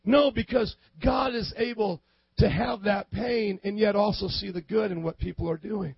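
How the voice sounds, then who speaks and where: High-pitched guy preaching hard, gets loud and shouty, dry lo-fi sound. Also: steady tone, moderate pace, creaky, breathy edge, no room sound. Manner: impassioned preaching that swells into shouts. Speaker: pastor. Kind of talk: sermon.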